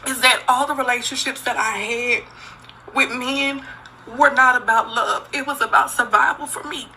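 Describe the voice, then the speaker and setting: Bright, gravelly-voiced woman in her thirties. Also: high-pitched, normal speed, a little hiss or hum, low-quality recording. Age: 30s. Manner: candid, emotional, addresses viewers as "y'all". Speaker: social media poster. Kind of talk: confessional selfie video.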